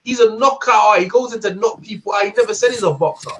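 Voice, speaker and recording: A man's voice: high voice, quick pace, a bit bright. A man in a heated casual debate who presses his point by repeating it over and over. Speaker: debate panelist.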